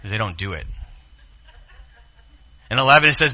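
A man preaching a sermon as pastor in a church sanctuary, dropping to soft asides and rising to loud, drawn-out quotes. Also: on the high side, animated.

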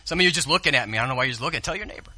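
A man preaching a sermon as pastor, speaking straight to the congregation and swinging from hushed asides to loud exclamations. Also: mid-range voice, animated, racing. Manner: addresses the congregation directly.

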